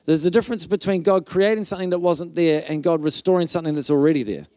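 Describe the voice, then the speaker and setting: A male pastor preaches at a conference, telling a story in a loose, chatty way. He fills his telling with restarts and little mouth sound effects. His voice sits a bit high, and the sound is dry and close. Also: fast talker, mellow, dry recording.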